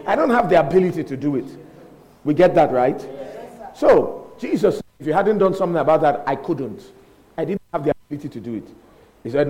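Man preaching, emphatic, animated, repeats phrases, acts out dialogue, fairly high voice. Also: normal speed, poor audio. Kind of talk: sermon.

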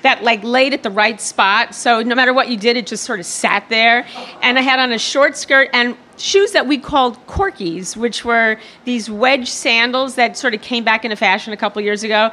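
Bright, sharp-edged woman storyteller. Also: fairly high pitch, normal speed. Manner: self-deprecating, profane. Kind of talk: comic true-story monologue.

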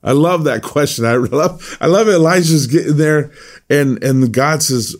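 A man's voice: on the high side, a little slow. A man teaching a devotional Bible message as a pastor, earnest and repeating phrases for emphasis.

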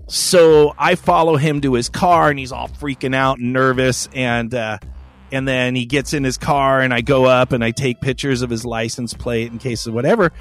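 A man's voice: medium pitch, steady tone, moderate pace, a bit bright, faint music behind. A man hosting a podcast, telling a story in a profane, rambling, wry way. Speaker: podcast host. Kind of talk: casual storytelling chat.

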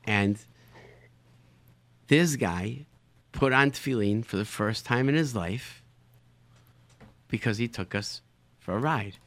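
A man's voice: fairly low pitch, takes it slowly, pauses often, a bit bright, no echo. A man telling casual anecdotes animatedly, often repeating words as he finds his phrasing. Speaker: storyteller, show guest.

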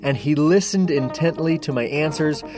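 A man's voice: a little high, moderate pace, over music. A chatty, personable man from Central Oregon, casually telling a story to his viewers. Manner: chatty, personable, lively retelling. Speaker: paraglide pilot vlogger.

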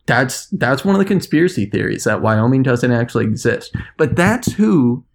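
A man on a podcast as its international correspondent, ranting in an animated, sarcastic way. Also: medium pitch, normal speed. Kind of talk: podcast chat.

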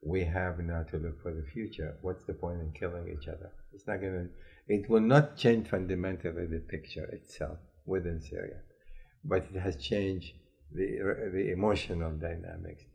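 A man's voice: low-pitched, fairly even intonation, normal speed, vocal fry, darkish tone. A male interviewer in a news discussion, questioning in a skeptical, emphatic way.

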